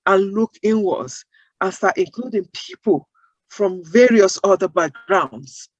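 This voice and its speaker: A woman's voice: medium pitch, expressive, slow, no room sound, highs cut off. Woman interview guest, earnest and emphatic, dry close sound. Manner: emphatic, builds points with rhetorical questions. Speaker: guest, accent-bias advocate. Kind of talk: interview answers.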